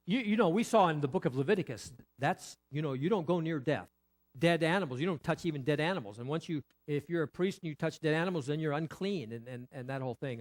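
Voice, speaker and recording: Male pastor, conversational sermon delivery, very expressive intonation, leans on repetition and questions. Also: fairly high pitch. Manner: animated, rhetorical questions and repetition; frequent restarts, conversational.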